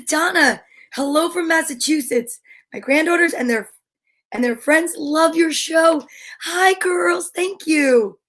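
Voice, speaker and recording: A woman hosting a show for young viewers, talking with gushing excitement and frequent gasps. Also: high-pitched. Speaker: children's show host. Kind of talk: enthusiastic talk to young viewers.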